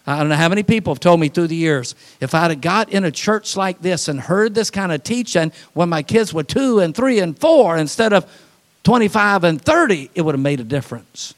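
A man preaching a sermon as pastor, folksy, with quick asides and acted-out voices. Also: sits high, expressive.

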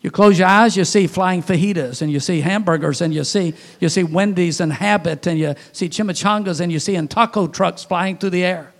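High-voiced preacher with folksy storytelling. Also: male voice, fairly quick, hardly any pauses. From Louisiana, USA. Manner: folksy storytelling, rhetorical questions, swings from loud to hushed. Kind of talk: sermon.

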